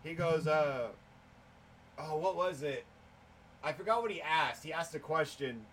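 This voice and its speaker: A man's voice: a little high, unhurried, a bit bright, slight background noise. A young man co-hosting a podcast in casual chat, laid-back, swearing and telling stories. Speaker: podcast co-host.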